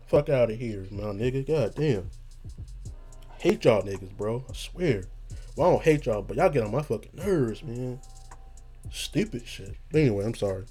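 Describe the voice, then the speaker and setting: A man hosting a casual solo podcast rant, rambling and profane, in a self-described monotone, with faint music behind him. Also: mid-range voice, slightly rough. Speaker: podcast host.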